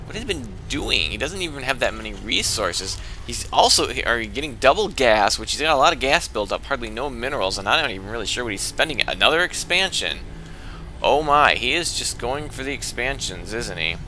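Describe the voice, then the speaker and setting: An excitable man casting a strategy game he is playing in, with chatty running play-by-play. His voice is bright and forward. He gets worked up quickly as the action heats up. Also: medium pitch, slight background noise. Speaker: game caster and player.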